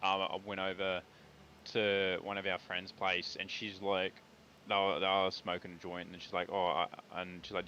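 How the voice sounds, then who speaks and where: A man's voice: low-pitched, flat delivery, moderate pace, pushed and bright, highs cut off. A young Australian man casually telling a rambling story, swearing often and filling his talk with "like". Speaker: streamer. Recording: noisy stream audio.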